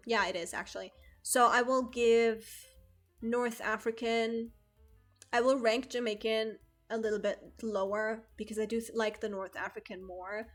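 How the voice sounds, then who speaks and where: Young woman streamer, casual rambling chat with laughs, slightly high bright voice, faint music behind. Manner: rambling, self-correcting, laughs often.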